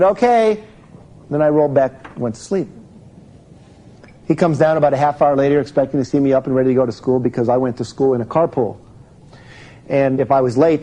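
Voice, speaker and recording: A man's voice: medium pitch, warm tone, low-quality recording. A man giving a live self-help seminar, explaining step by step and putting questions to his audience.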